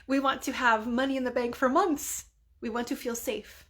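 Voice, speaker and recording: A woman leading a spontaneous spoken prayer in an earnest, conversational way, full of casual fillers and sometimes dropping to a soft near-whisper. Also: sits high, steady tone, moderate pace. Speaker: prayer leader.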